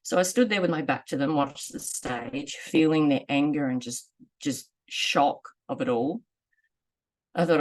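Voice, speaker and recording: A woman in her forties telling a personal story in a candid, earnest, measured way. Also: sits low. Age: 40s. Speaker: vlogger sharing lived experience.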